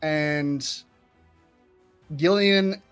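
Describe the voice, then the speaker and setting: A man's voice: a little high, drawn-out words, a bit bright, clear, resonant tone, soft background music. A man narrating as game master in a tabletop game, speaking with frequent fillers and restarts.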